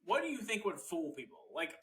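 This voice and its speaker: Young man, casual podcast chat, bright voice, a little distant from the mic. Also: high-pitched, big pitch swings, a little fast. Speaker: podcast co-host.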